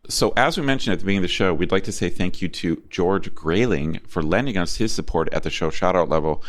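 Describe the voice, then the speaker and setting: Deep-voiced easygoing podcast co-host, man. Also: animated, fast. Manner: easygoing, reads sponsor thanks. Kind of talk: casual chat and show outro.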